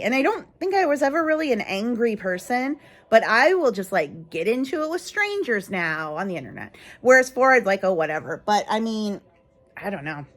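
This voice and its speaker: A woman's voice: fairly high pitch, fairly bright tone. A middle-aged woman vlogging in a casual, candid way, rambling with lots of fillers. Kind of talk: casual personal vlog talk.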